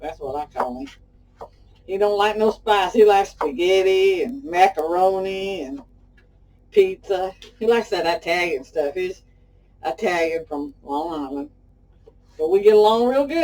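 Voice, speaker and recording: A middle-aged Southern woman from Texas hosts a homey cooking demo, calling her viewers "y'all" and drifting into chatty stories. Her voice is mellow and warm. It sits at a slight distance from the microphone. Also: medium pitch, expressive, measured pace. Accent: Texan Southern. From Pasadena, Texas. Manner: folksy and talkative, addresses viewers as y'all. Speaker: cooking show host.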